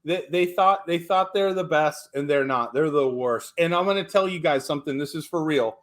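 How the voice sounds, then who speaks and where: A man's voice: fairly high pitch, normal speed, fairly bright tone. A man calling in to a talk show, ranting emphatically with stumbling restarts and blunt profanity. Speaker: caller. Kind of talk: call-in radio chat.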